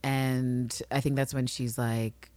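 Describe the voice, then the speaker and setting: Podcast co-host, woman, low and dry, lively and swearing in bursts. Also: slow pace, no room sound. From New York City. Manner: animated, swears, bursts of excitement. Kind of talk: casual TV recap chat.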